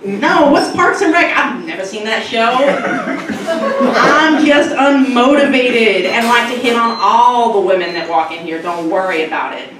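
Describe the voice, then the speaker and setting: A man's voice: very high-pitched, unhurried, distant mic, heavy background noise. A woman voicing an unmotivated, laid-back young male office assistant who talks in an unbothered drawl. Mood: nonchalant. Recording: echoey room, mic from afar.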